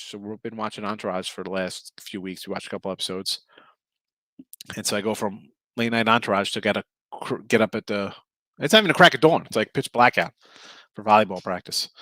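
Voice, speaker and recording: A man's voice: lowish voice, a bit bright, dry recording. A middle-aged man hosting a sports betting show, chatting casually with viewers, rambling and correcting himself, a bit tired. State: tired, yawning. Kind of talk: casual livestream chat.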